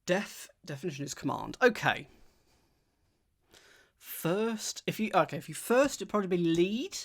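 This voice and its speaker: Man thinking aloud over clues. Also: on the high side. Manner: thinks aloud, reads clues slowly, chats with viewers. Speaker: streamer solving a crossword. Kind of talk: live-stream crossword solving, casual chat.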